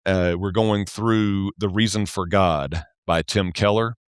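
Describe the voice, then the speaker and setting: A Southern man talks as a podcast guest, earnest and relaxed, doubling words as he gathers his thoughts. His voice sits fairly low and sounds smooth and clear. The recording is close and dry. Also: slow, no room sound. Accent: Southern American. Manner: repeats words when starting sentences, relaxed and earnest. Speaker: podcast guest, church accounting specialist. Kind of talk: casual interview conversation.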